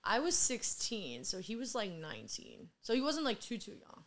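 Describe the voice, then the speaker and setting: A woman's voice: a little high, wildly swooping pitch, moderate pace, slight background noise. A woman in her twenties talking as a guest in a casual conversation, telling stories with lots of "like". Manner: chatty storyteller, fills with "like".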